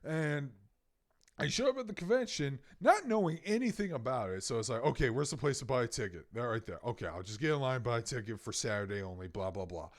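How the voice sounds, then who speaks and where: A man in his thirties from Louisiana, a podcast co-host telling an animated, profane story in casual chat. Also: mid-range voice, fast.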